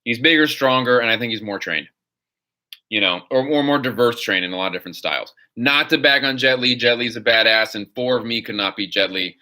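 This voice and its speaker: A man hosts a live chat stream and reads out viewer questions before ranting his answers. His voice is bright and forceful, and he talks in an opinionated, rambling way at an ordinary middle pitch. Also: a little fast. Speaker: host.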